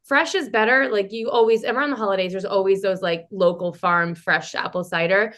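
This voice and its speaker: A woman's voice: mid-range voice, steady tone, a little fast, a bit bright. Giggly chatty woman podcast co-host. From New England. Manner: giggly, chatty, rambling asides. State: sick. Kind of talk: casual chat.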